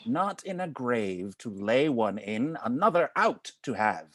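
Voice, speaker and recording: A man reading the part of a wise friar counselling a young man, in a measured, advising way, during a cold read over a video call. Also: mid-range voice, sing-song, a bit bright, dry recording. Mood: chiding. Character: wise, patient male friar counselling a youth. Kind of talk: cold read of a stage play.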